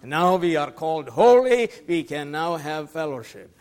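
A man preaching a sermon as pastor, emphatic, swinging between loud declarations and quiet asides. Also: a little high, sing-song, measured pace. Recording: long reverb of a large hall.

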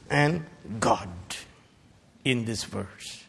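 A man preaching a fiery sermon, rebuking his hearers and bursting into shouted peaks between slow, deliberate lines. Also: mid-range voice, wildly swooping pitch, creaky, breathy edge. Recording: long hall reverb.

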